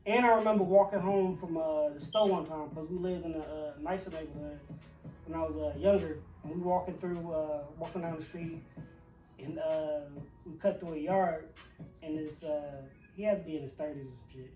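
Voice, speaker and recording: Casual podcast co-host, male, high-pitched, profane and rambling, with faint music behind. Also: steady tone, moderate pace, warm tone, lo-fi sound. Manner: rambling with many fillers, profane. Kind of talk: casual storytelling chat. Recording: roomy, distant mic with faint music.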